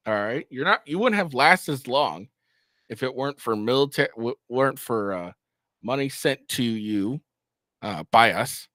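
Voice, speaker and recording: A man's voice: mid-range voice, big pitch swings, normal speed, a bit bright, dry recording, clean studio sound. A man hosting a political commentary vlog, ranting in a mocking, profane way. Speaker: host.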